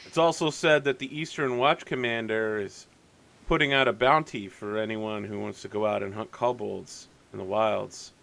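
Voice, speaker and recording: A man's voice: lowish voice, fairly even intonation, normal speed, gravelly, fairly bright tone. A man voicing a shrewd, mercenary male tavern informant who talks in a smug, sly way. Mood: conspiratorial.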